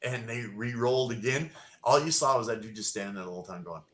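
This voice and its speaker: A man telling a long profane story as a podcast guest, loud and animated. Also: mid-range voice, quick pace, reverberant, poor audio. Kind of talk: casual storytelling.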